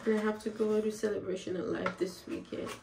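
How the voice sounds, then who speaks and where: A woman's voice: mid-range voice, fairly even intonation, fairly quick, creaky. A woman hair vlogger testing a product in casual talk, fretting aloud and upset with herself. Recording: roomy echo with faint background hiss.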